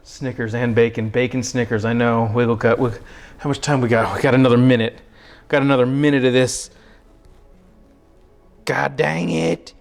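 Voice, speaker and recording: A man cooks on a livestream from his home kitchen, soft background music behind him. His mid-range delivery is flat and fairly quick as he rambles and jokes with chat in self-deprecating banter, out of breath from sawing.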